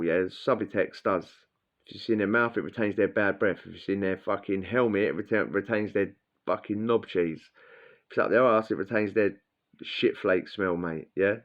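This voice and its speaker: A man telling a blunt, crude prison story in casual slang, acting out what people said. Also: lowish voice. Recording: dull lo-fi sound.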